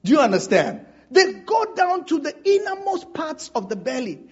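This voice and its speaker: Husky-voiced preacher man, lively pitch. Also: moderate pace, dull audio. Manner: animated preaching with audience call-and-response. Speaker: pastor. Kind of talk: sermon.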